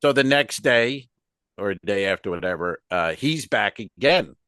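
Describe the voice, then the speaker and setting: A man's voice: on the low side, normal speed, no echo, clean studio sound. A man, a comedian, telling a comic anecdote on a podcast over a video call, acting out the people he quotes. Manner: animated anecdote with acted-out quotes.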